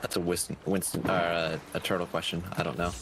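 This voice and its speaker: A young man with a fairly low voice talks casually through a gaming session, thinking aloud and peppering his plans with "like" and "okay." His headset audio carries clear background noise from the game. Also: little pitch movement, fairly quick. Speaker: gaming host. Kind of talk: casual gameplay chat.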